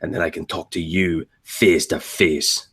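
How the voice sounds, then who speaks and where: A man voicing a proud, gruff male dwarf warrior with a Scottish accent, blustering and scoffing. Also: low voice, level tone, measured pace, a bit bright, exaggerated voice.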